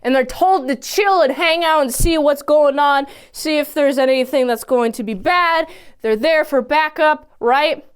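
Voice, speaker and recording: High, lively woman recapping a TV episode. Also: unhurried. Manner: animated, exclamatory, acts out characters' lines. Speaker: TV episode reviewer.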